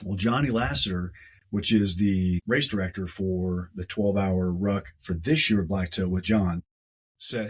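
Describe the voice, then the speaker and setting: A man, a guest on a podcast, telling a story in a casual, animated way and often repeating his words. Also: lowish voice, moderate pace, husky, poor audio.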